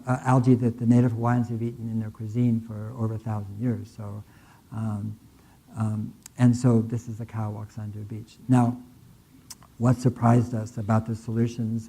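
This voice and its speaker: Older guy doing a keynote talk, warm mellow tone, lots of ums and restarts, stage mic. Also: mid-range voice, rough recording. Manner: conversational storytelling with many fillers and restarts. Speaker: keynote speaker. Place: lecture hall.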